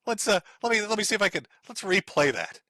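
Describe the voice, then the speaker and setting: Bright-voiced man mocking on stream. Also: sits high, lively intonation, quick pace, no room sound, faint music behind. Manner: sarcastic, mocking, laughs often. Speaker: streamer host. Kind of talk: mocking live-stream commentary.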